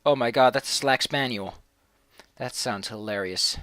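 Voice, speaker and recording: A man's voice: mid-range voice, normal speed, pushed and bright, no room sound. A man giving casual gameplay commentary as a let's play host, with sarcastic, mock-villainous rants and swearing.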